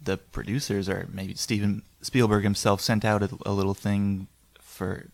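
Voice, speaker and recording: Brief: deadpan male voice, low with gravel. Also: moderate pace, dry recording. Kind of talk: casual chat.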